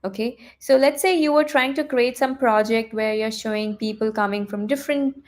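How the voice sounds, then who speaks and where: Woman, coding teacher, live online lesson, fairly high voice, chatty, lots of fillers and restarts. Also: normal speed. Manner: chatty, thinks aloud with many fillers and restarts.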